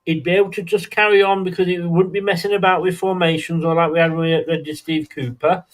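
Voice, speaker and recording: A man hosting a casual football fan chat, chatty and quick to laugh at his own jokes. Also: sits high, level tone. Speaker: fan channel host.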